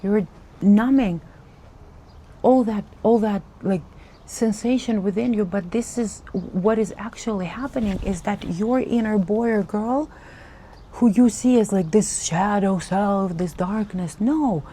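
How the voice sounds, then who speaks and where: A woman's voice: medium pitch, warm tone, a little hiss or hum. A woman giving an earnest, emotional spiritual message as a tarot reader, repeating herself for emphasis. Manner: slow, earnest, repetitive, emotional.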